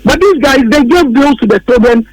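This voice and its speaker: Emphatic high-voiced Ghanaian man. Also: lively intonation, a little fast, no echo, rough recording. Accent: Ghanaian English. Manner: emphatic, repeats key phrases, mocks opponents. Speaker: radio political commentator. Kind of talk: heated political commentary.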